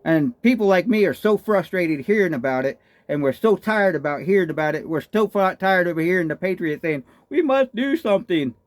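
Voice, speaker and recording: A man's voice: high-pitched, fairly quick, few pauses, dry recording. A man with a Texan accent ranting in a political commentary, indignant and firing off repeated rhetorical questions. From Texas. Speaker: political vlogger.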